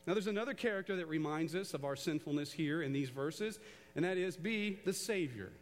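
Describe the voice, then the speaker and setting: A man preaching a sermon to a church congregation, animated and conversational, drawing the crowd into call-and-response. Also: fairly high pitch, brisk, long reverb tail. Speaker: pastor. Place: large church auditorium.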